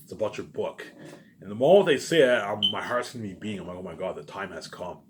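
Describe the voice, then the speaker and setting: Fast-talking, rambling man with a low voice. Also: big pitch swings, background noise. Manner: rambling and repetitive, with frequent swearing. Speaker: vlogger. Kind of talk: casual rambling monologue to camera.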